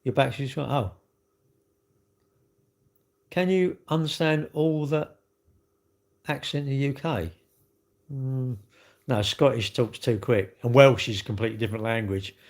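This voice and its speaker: A man's voice: mid-range voice, unhurried, pauses often. A middle-aged man, chatting casually and cheekily with viewers on a livestream. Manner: chatty, cheeky banter, swearing. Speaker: livestream host. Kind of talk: casual livestream chat reading comments.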